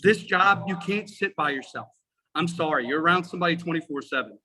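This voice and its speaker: A man's voice: on the high side, lively intonation, a little fast, sharp tone, rough recording. A man in his forties, a firefighter guest on a podcast, talking casually in an emphatic, profane, fired-up way.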